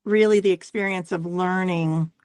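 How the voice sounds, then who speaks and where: A middle-aged woman telling her story as an interview guest, reflective and halting, often restarting and checking in with "right?". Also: fairly low pitch, fairly even intonation, darkish tone, clear, resonant tone, dry recording, studio quality. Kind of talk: conversational interview.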